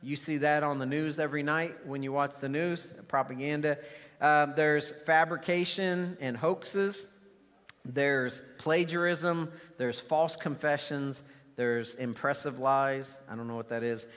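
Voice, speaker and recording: A man preaching a sermon in a relaxed, conversational way, with the odd filler word. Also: fairly high pitch, measured pace. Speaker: pastor. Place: church sanctuary. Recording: reverberant church hall.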